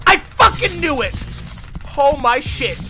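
A man with a very high voice does casual let's play commentary, swearing freely and shouting at the screen. Loud game music plays behind him. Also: slow. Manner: excitable, profane, yells at the game; talks to viewers as "y'all". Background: horror game music.

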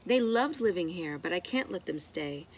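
A woman reading a rhyming picture book aloud in an expressive, rhythmic way. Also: lowish voice, normal speed, slight background noise. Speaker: storybook reader.

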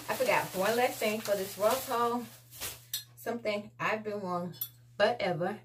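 A woman's voice: medium pitch, moderate pace, a little hiss or hum. A woman, chatting casually to viewers in a laid-back home haul vlog. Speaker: vlogger.

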